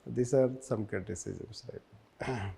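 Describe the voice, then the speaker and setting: A man's voice: fairly low pitch, slow, vocal fry, dark tone, slight background noise. A man with an Indian English accent giving a lecture, often repeating phrases and switching into Hindi, with wry sarcastic asides. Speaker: teacher.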